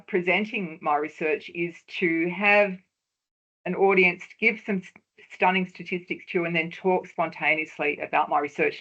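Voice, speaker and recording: A woman presenting a webinar lecture on research talks, measured and explanatory, stressing key words for emphasis. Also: fairly low pitch, fairly bright tone, dull audio.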